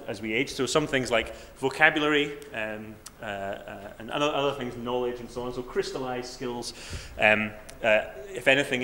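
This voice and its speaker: A Scottish man in his twenties giving an academic talk, halting with many fillers and restarts and a wry, self-deprecating humour. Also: medium pitch, sharp tone, slight background noise. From Scotland. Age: 20s. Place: lecture room.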